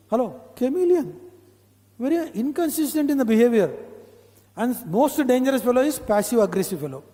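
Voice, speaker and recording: A man's voice: high-pitched, warm tone. A man with an Indian English accent leading a corporate training session, talking in a conversational way, repeating his points and checking in with the audience. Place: training hall. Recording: long hall reverb.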